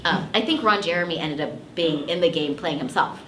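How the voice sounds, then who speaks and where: Woman, voice actress guest, low-ish, chatty, fillers galore, roomy echo. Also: fairly quick, a bit bright, slight background noise. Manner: chatty, many "like" fillers, laughing asides. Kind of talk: casual interview storytelling. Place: convention interview room. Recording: echoey room.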